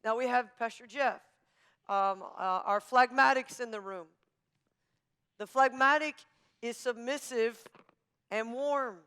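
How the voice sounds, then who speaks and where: A woman pastor teaching a marriage class in an emphatic, forceful, coach-like manner. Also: fairly high pitch, takes it slowly, long pauses, clean tone. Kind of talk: sermon-style teaching.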